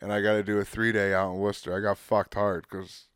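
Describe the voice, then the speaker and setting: A man's voice: fairly low pitch, level tone, fast, a bit bright, clean tone. A man co-hosting a podcast, telling a story in a laid-back, swear-filled way and acting out what people said. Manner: laid-back, swears a lot, acts out quotes. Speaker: podcast co-host. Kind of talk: casual storytelling.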